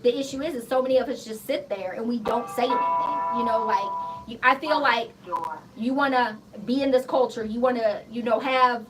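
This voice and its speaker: A woman in her thirties, a guest on a radio show, telling stories in a blunt, profane, animated way. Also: on the high side, moderate pace, music in the background. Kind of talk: casual interview chat. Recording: slightly distant mic with faint background noise.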